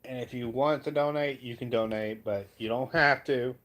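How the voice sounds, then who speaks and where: A man hosting a casual live stream, reading out a little and then rambling along in a folksy, unhurried way. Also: mid-range voice, fairly even intonation, fairly bright tone. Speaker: livestream host.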